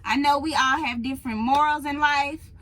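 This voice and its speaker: A woman vlogger telling a story to her viewers in a casual, animated, emphatic way, recorded on a phone in a truck cab. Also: sits high, moderate pace, poor audio. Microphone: phone in a holder.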